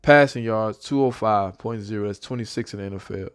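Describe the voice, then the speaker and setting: A young man excitedly giving a casual football prediction as a fan, repeating himself and speaking loosely. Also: on the low side, a little fast, clean tone. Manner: excited, repetitive, talks like a fan. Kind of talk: casual sports prediction vlog.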